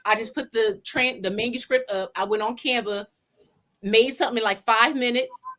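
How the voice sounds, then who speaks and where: Animated woman telling her story on a call. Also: fairly high pitch, normal speed, a crowd in the background. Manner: animated, plays her own past lines in quotes. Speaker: podcast guest, pageant winner and salon owner. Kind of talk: casual interview storytelling. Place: home office. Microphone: video call.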